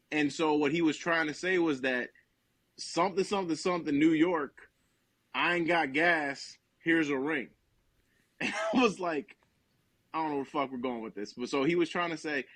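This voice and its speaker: A young man from New Jersey spins a rambling, profane comic story on a podcast, acting out every line of dialogue. His voice sits a little high. The sound is dry and close, with no room around it. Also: no echo. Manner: profane, rambling, animated retelling with quoted dialogue. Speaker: podcast co-host telling a story. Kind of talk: casual comedic storytelling.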